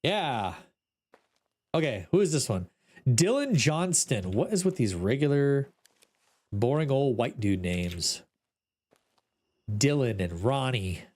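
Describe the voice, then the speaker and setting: A man's voice: mid-range voice, big pitch swings, takes it slowly, long pauses, a little mellow. A man streaming a ghost-hunting game, talking to his chat in an exasperated, joking way. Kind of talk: casual gameplay commentary.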